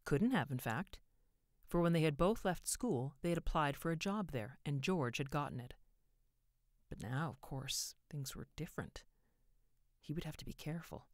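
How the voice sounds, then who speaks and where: A woman narrating a short story in an expressive way, giving each character a voice. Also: low voice, normal speed, dry recording, studio quality.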